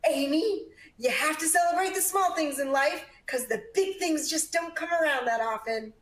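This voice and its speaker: Motherly advice-giver, lifted pitch , woman putting it on, roomy sound. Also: moderate pace, lightly acted. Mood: encouraging. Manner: slightly higher, gentle advice tone. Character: encouraging mother giving life advice. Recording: echoey room.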